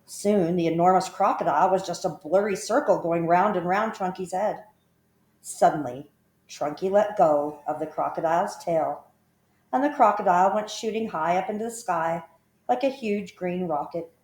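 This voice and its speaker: A woman with a lowish voice reads a children's story aloud in an expressive, measured way. Her voice echoes around a roomy space. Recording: roomy echo.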